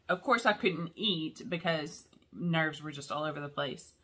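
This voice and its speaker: A woman's voice: low voice, measured pace, pushed and bright. A middle-aged woman chatting casually to camera in her vlog, emotional and laughing between sentences. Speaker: vlog host. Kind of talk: casual chat.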